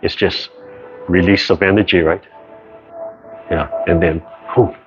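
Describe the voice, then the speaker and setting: A man with a low voice explains tai chi in a relaxed, conversational way, checking in with "right?" as he goes. The sound comes over a muffled video call. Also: unhurried, over music. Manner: conversational, keeps asking "right?", acts out quoted voices. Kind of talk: casual teaching talk.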